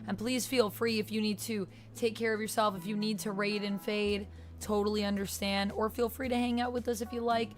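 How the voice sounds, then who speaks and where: A woman's voice: medium pitch, level tone, fairly quick, soft background music. Chatty woman streamer reading chat. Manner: chatty, reads chat messages aloud, soft-spoken. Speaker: variety streamer. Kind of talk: casual livestream commentary.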